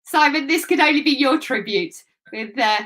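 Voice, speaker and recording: A woman with a slightly high voice co-hosts a live online event over a video call. She talks briskly, keeps the session on track and reads tributes aloud. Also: lively intonation, fairly bright tone. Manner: brisk, keeps things moving. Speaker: co-host. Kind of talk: live-stream chat, reading tributes.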